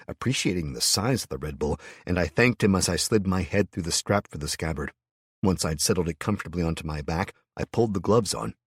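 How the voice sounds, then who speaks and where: Give me a man reading an audiobook in first person, low and husky, recorded dry and close. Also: no echo. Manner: steady storytelling. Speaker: audiobook narrator.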